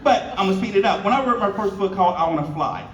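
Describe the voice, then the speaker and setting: A man in his fifties with a high voice talks fast as he delivers a storytelling keynote at a luncheon in a banquet hall, animatedly acting out quoted dialogue and joking with the audience. Some chatter and slight noise sit in the background, and the room recording is echoey, distant and slightly dull.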